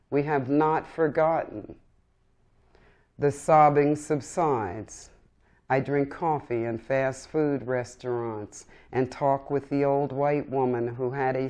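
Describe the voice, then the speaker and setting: A woman poet reads her verse aloud at a live reading, slow and deliberate. Her voice sits low and deep. She delivers each line with solemn, impassioned weight. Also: darkish tone. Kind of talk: poetry reading.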